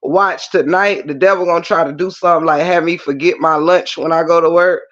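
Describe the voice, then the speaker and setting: A man hosting a livestream, talking casually and in an animated, preachy way straight to his viewers. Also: a little high, fairly quick. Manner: animated preachy talk, addresses viewers directly. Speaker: livestream host. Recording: muffled lo-fi stream audio.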